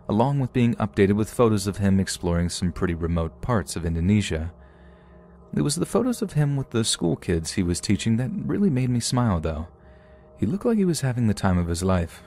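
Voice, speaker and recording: A man narrating scary true stories in a steady, scripted storytelling manner. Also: deep voice, slight background noise.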